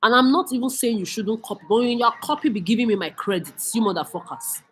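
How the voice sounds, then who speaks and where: A woman's voice: a little high, fast, a bit bright, slight background noise. A woman from Nigeria, delivering a heated, profane, accusing rant as a vlogger. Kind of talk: angry profane rant to camera.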